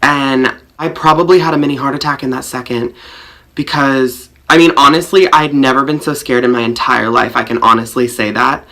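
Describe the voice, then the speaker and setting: Guy rambling thru a storytime vlog, gravelly kinda fry-ish voice, lots of likes. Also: medium pitch, fairly even intonation, brisk, sharp tone. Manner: rambling, filler-heavy, self-mocking. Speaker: vlogger.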